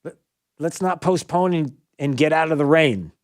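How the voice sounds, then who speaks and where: Speaking into a studio mic, this talk radio host offers lively, sarcastic remarks and often cracks himself up. He talks at a normal speed in a slightly high voice.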